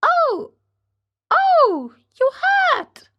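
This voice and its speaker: A woman's voice: extremely high pitch, wildly swooping pitch, drawn-out words, lo-fi sound, voice pushed up, full character voice. A woman with a British accent voicing a tiny pleading, giggling childlike voice hidden inside a log in a storybook. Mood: pained. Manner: beseeching, squealing and giggling.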